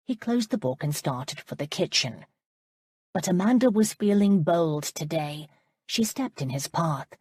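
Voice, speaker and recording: Low-voiced woman narrating a historical romance, husky tone, dry close-mic sound. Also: no echo. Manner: calm, measured storytelling. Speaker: audiobook narrator.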